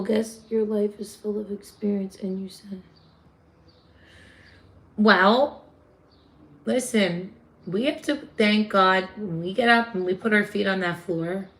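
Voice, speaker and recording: A woman with a New York accent hosting a casual livestream, chatting with viewers and answering their comments. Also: medium pitch. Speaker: livestream host.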